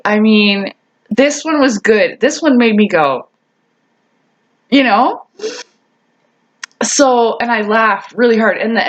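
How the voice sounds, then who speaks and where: A woman vlogger tells a casual story straight to her viewers. Her voice sits a little high, and she chats along, laughing often and restarting her sentences.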